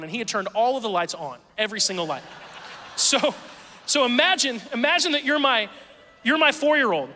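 A man's voice: sits high, sharp tone. A man in his thirties preaching a sermon as pastor, talking conversationally with lots of fillers and stories. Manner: conversational, chatty storytelling with many fillers. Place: church hall. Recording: reverberant church hall.

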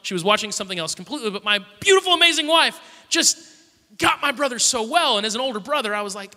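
A man's voice: extremely high pitch, expressive, quick pace, pushed and bright. A man in his thirties preaching a sermon, telling a funny family story to his church. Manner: storytelling with humor. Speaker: pastor. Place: large church hall. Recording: long hall reverb.

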